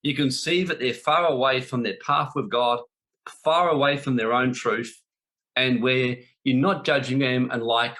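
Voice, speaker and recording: At normal speed, a spiritual teacher delivers his talk in a bright, forceful voice pitched in an ordinary middle range. His style is blunt and emphatic, with phrases doubled for emphasis.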